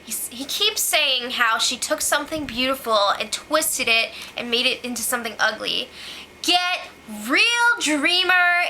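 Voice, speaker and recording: A young woman with a high, sharp, bright voice recaps a reality show in a loose, chatty way. She keeps slipping in "like" and often turns sarcastic. Her tone stays casual throughout. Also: creaky, a little hiss or hum, low-quality recording.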